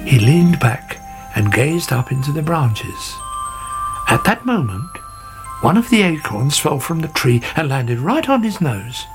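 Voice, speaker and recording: A man reading a children's story aloud in a gentle, measured way, over background music. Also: medium pitch, sing-song. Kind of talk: scripted storybook narration. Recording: music playing under the voice.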